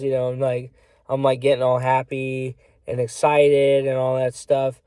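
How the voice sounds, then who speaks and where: A man in a casual vlog rant, talking at an ordinary middle pitch. He rambles and swears freely, filling every pause with "you know". The sound is dry and close, with no room echo. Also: monotone, dark tone, clear, resonant tone. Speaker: vlogger.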